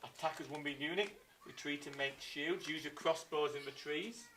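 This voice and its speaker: A man with an English accent teaching a live online history lesson to children, telling the story with lively acted-out voices. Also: a little high, moderate pace, a little hiss or hum. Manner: lively storytelling, acts out scenes in silly voices. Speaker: primary school teacher.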